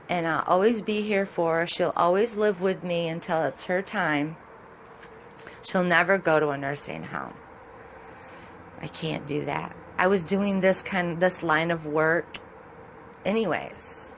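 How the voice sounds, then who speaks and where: A woman's voice: on the low side, a bit bright, slight background noise. A middle-aged woman with a Michigan accent and Southern touches, chatting casually and rambling as a vlogger while commenting on sky photos, laughing often.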